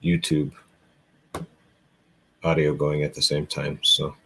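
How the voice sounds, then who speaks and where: A man's voice: very deep voice, completely flat delivery, slow pace, creaky, a bit bright, slightly rough. A man hosting a paranormal livestream, chatting casually, thanking viewers by name and rambling with lots of fillers. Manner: rambling, easygoing, heavy on fillers. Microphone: computer microphone on a live stream.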